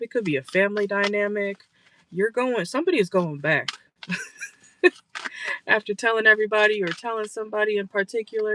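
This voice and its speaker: This woman speaks at a normal speed in a fairly bright voice on the low side, reading tarot casually to camera from her car with a stuffy nose. Chatty and profane, she scolds bluntly and swears freely; the recording is low-quality with noticeable background noise.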